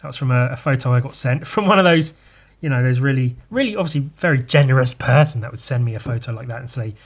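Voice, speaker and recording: A man's voice: medium pitch, quick pace. Guy rambling about his drawings, swears a lot, kinda crude and jokey. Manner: crude, irreverent, self-mocking, swears freely. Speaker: artist showing his sketchbook. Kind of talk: casual rambling commentary. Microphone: podcast mic.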